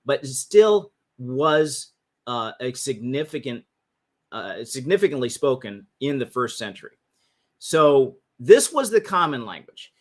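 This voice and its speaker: A man hosting a livestream, explaining history in a casual teaching talk that often restarts its phrases. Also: medium pitch. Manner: casual, restarts phrases, talks through slides. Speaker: host. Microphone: livestream mic.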